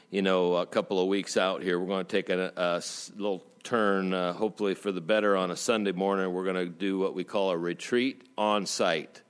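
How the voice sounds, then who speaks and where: A man preaching as a pastor in a church, telling jokes in a folksy way and slowing down for emphasis. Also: low voice, steady tone, clear, resonant tone. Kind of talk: sermon.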